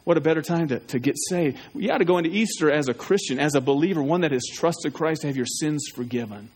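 A man's voice: on the high side, fast, husky. A man preaching an evangelistic sermon, pleading and urgent, often putting questions straight to his listeners. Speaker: pastor.

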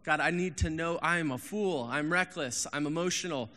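A man in his thirties preaching a casual sermon as a pastor, candid and animated, going from loud emphasis to hushed asides. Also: on the high side, normal speed, in a large hall.

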